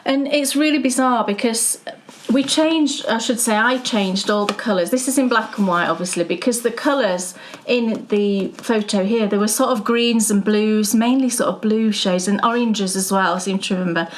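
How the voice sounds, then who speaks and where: Lady chatting about knitting, mid-pitched, gets excited fast. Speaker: podcast co-host. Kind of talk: casual chat about knitting.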